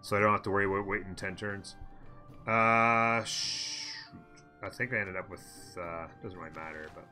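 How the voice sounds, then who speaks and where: A let's play host gives live commentary on a strategy game, muttering his plans to himself and replying to viewers. His fairly low voice sounds very bright, forceful, and a bit tense, with fairly even intonation at a normal pace over soft background music.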